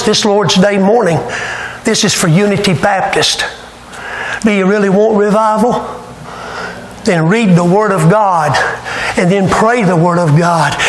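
High-voiced preacher in echoey church. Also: male voice, a little hiss or hum. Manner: fervent storytelling preacher, rising to shouts. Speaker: visiting revival preacher. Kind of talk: sermon. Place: church sanctuary. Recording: echoey church room, faint ambience.

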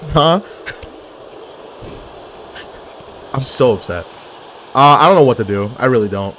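Excitable man trash-talking over his game. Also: fairly low pitch, unhurried, pauses often, slight background noise. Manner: excitable, jokey trash talk with swearing and wrestling slang. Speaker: gaming video creator. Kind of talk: live commentary over his own online game.

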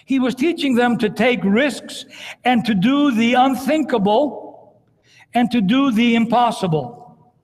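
A man's voice: very high-pitched, a little slow. A priest preaching a dramatic sermon in a large cathedral, acting out scripture as he goes. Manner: dramatic, retells scripture with acted quotes. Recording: long cathedral reverb.

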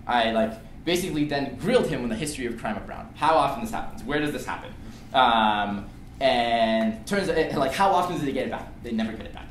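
A young man telling a lively story to an audience in a lecture room, sometimes shouting out the lines he acts out. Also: mid-range voice, brisk, a little hiss or hum. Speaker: student speaker. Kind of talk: storytelling talk. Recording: echoey room, distant mic.

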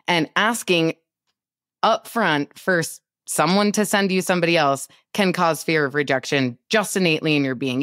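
A woman co-hosting a podcast, giving animated business coaching in a casual chat over a remote call, laughing often. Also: low-pitched, no echo, studio quality. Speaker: podcast co-host.

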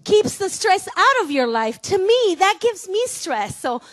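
A woman's voice: very high-pitched, sing-song, measured pace, a bit bright. A woman pastor with a Mexican Spanish accent preaching a sermon in a church, playful and laughing, often getting the congregation to repeat words after her. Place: church sanctuary.

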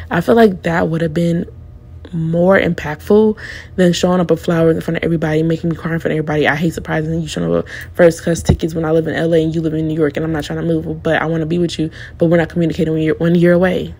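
A woman's voice: low-pitched, flat delivery, racing, darkish tone, breathy edge. A woman in her twenties giving a casual, opinionated recap of a reality show, talking candidly and in slang straight to her viewers.

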